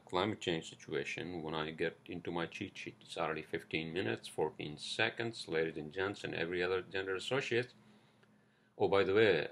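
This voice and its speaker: A man with a very deep, gravelly voice hosts a loose solo podcast. He rambles casually, swears freely and fills his talk with "like" and "uh". He records at home through a cheap headset mic. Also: fairly bright tone. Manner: rambling, profane, many fillers. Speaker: podcast host. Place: indoors at home, street traffic outside. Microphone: cheap headphones.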